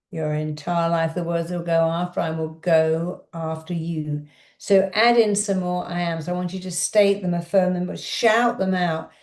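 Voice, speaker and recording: Low-voiced woman coach in a roomy space. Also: a little mellow. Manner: emphatic, repetitive, coaxing instructions. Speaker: self-help coach leading an exercise. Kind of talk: guided affirmation exercise.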